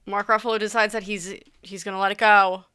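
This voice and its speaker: A woman's voice: mid-range voice, little pitch movement, fairly quick, pushed and bright, clear, resonant tone. A young woman vlogging in a casual, rambling chat, often restarting her sentences. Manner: chatty, rambling, with frequent restarts and asides.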